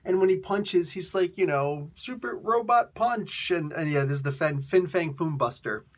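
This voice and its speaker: A man casually reviewing a comic book for his video channel, excitable and rambling, laughing often. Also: fairly high pitch, normal speed.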